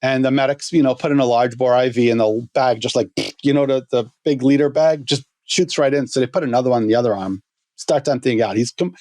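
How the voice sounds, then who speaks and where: A man telling a story as a guest on a podcast, halting with many restarts. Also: mid-range voice, a little mellow, no echo.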